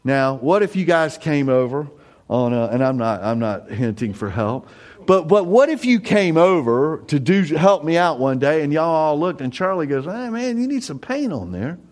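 A middle-aged male pastor preaches earnestly and conversationally, speaking plainly to his listeners before raising his voice sharply to emphasize a point. His voice is fairly high and expressive, with a moderate pace and a somewhat dark tone.

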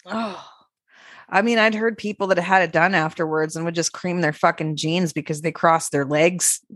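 A woman's voice: on the low side, fairly even intonation, normal speed, a bit bright, no echo, studio quality. A woman co-hosting a podcast in casual chat, laughing often and swearing freely as she talks over a remote call. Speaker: podcast co-host.

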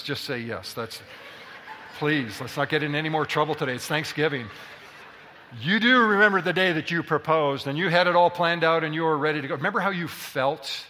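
A man preaching a sermon to a congregation, lively and full of questions to the room. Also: a little high. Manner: animated, addresses the congregation with questions. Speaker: pastor. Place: church hall. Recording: hall reverb.

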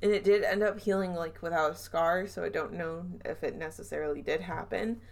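A woman's voice: lowish voice, a little fast. A woman hosting a podcast, telling a spooky story in a chatty way with frequent laughs and fillers. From Southern US. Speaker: podcast host. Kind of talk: casual storytelling chat.

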